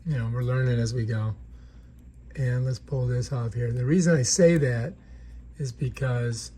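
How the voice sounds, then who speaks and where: A man's voice: mid-range voice, steady tone, unhurried, dark tone. A man giving a casual, chatty product demonstration in an indoor room, often checking in with the viewer. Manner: chatty, keeps checking in with "right?". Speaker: product reviewer.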